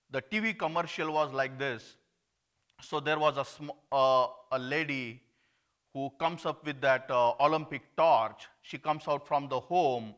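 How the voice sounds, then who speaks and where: A man from India, preaching an earnest sermon that swings between emphatic and hushed. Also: mid-range voice.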